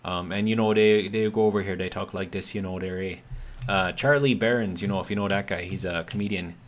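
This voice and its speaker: Midwestern male streamer, lowish voice, loose rambling commentary, faint typing underneath. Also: steady tone, brisk, a little hiss or hum. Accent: American Midwestern. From American Midwest. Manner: rambling, filler-heavy, bemused asides. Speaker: game streamer. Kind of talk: casual gameplay commentary.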